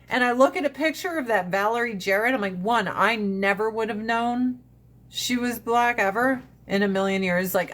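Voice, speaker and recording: Blunt, foul-mouthed woman livestreaming. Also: a little high. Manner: blunt, profane and animated. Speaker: livestream host. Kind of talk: casual livestream chat.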